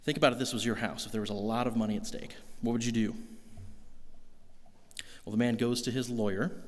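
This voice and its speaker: A man's voice: mid-range voice, steady tone, fairly quick, in a large hall. A man preaching a sermon in an earnest, conversational way, asking the congregation rhetorical questions. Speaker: pastor.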